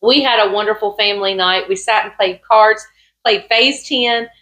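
A woman's voice: medium pitch, normal speed, bright, forceful tone, low-quality recording. A woman with a Southern US accent chatting casually to camera from her couch about a family meal. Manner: chatty, homey, fond of food. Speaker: farm vlogger, pastor's wife. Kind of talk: casual vlog talk to camera. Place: home living room couch.

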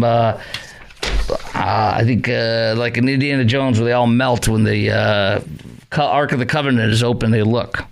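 A man's voice: on the low side, steady tone, brisk. Sarcastic rambling male radio host. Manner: sarcastic, rambling, mocking asides. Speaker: radio talk show host. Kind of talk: opinionated talk radio monologue.

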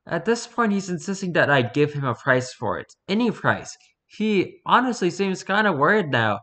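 A man casually reading a spooky first-person story aloud, relaxed and unpolished, stumbling and correcting himself as he goes. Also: high voice, normal speed. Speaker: story reader.

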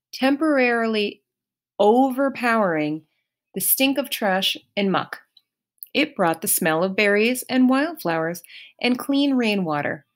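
A woman reading an audiobook chapter aloud in a measured, expressive storybook manner. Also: mid-range voice. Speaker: audiobook reader. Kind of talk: audiobook narration.

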